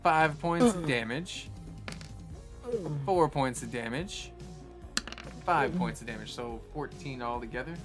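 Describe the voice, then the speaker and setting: A man running a tabletop game as game master, chatty and quick to laugh. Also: mid-range voice, music in the background.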